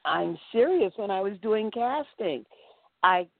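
A woman's voice: mid-range voice, unhurried, gravelly, no echo. A woman actress guesting on an interview, telling stories with animation and playing out the quotes. Her voice sits mid-range and sounds dry and close, squeezed through a narrow, phone-like line. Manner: animated storyteller acting out quotes.

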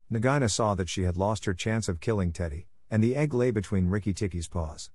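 A man narrating a classic story in a steady, clear reading for English learners. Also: lowish voice, fairly quick, hardly any pauses, no room sound, studio quality. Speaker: audiobook narrator.

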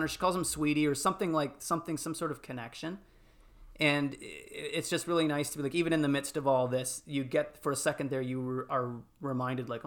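A man in casual podcast chat, telling film moments with lots of fillers and animated retellings. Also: a little high. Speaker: podcast panelist.

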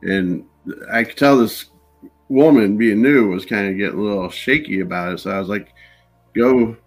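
A man telling his paranormal investigation stories in a relaxed, anecdotal way, acting out the dialogue. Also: lowish voice, normal speed, faint music behind. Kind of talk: casual storytelling in an interview.

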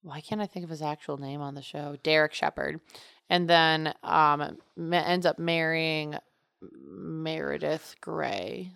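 Low, gravelly young woman rambling. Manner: rambling, chatty storytelling with fillers. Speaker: podcast co-host. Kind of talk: casual chat.

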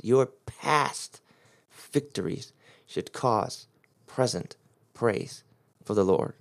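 A man's voice: mid-range voice, a little mellow. A man preaching a sermon, explaining the Greek grammar of a Bible passage with strong emphasis.

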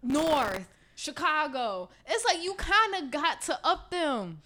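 A young woman co-hosts a casual podcast chat in a bright, lively voice that swings up and down in pitch and sits slightly high. She talks playfully, teasing and tossing in quick jokes and questions.

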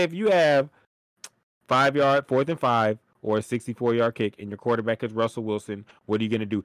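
A man's voice: fairly high pitch, animated, brisk, fairly bright tone, no room sound. Fired-up, profane man ranting. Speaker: podcast co-host. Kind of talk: heated sports talk.

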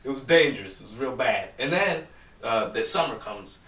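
Young man, casual storyteller, heavy swearing, bright voice, echoey room, distant mic. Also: medium pitch, animated, normal speed. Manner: profane, rambling storytelling. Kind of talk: casual chat.

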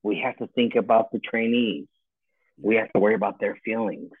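A fairly quick, slightly rough, lowish male voice with no room sound belongs to a retired army first sergeant in his forties. He's on a casual call from home over a tinny phone-like line, ranting bluntly and swearing heavily.

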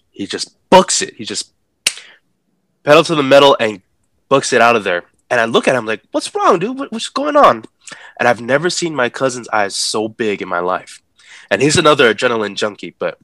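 A man telling a story in a relaxed, animated way, acting out the people in it and laughing as he talks. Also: fairly low pitch, dry recording. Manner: animated, acts out the voices of people in his story; laughs while talking. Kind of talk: casual storytelling.

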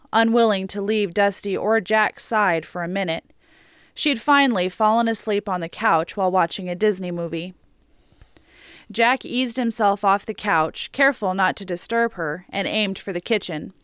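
Smooth-voiced woman narrating an audiobook. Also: mid-range voice, a bit bright, no echo, studio quality.

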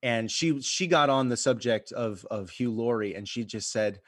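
A man with a husky voice tells stories animatedly as a podcast guest. The recording is dry and close, with no room sound. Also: medium pitch, moderate pace, no echo. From United States. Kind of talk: casual conversation.

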